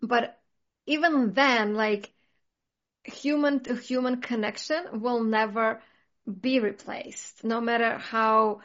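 Earnest woman with a slightly high voice. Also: steady tone, slow, fairly bright tone, dull audio. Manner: earnest, reflective, many "like" fillers. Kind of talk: casual chat.

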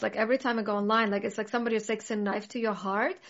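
A woman's voice: mid-range voice, steady tone, very fast, muffled recording. A woman in casual conversation, talking earnestly and reflectively, with many "like" fillers. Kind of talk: casual chat.

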